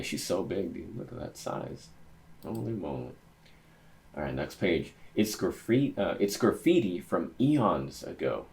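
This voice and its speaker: A young man reading a manga chapter aloud, thinking out loud and getting excited as he reacts to each panel. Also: deep voice, creaky.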